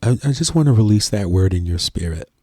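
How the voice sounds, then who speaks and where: A middle-aged church organist talking earnestly and emotionally to the camera, in a heartfelt, preachy way. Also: male voice, lowish voice, lively intonation, brisk, darkish tone, dry recording, studio quality. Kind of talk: heartfelt casual talk to camera.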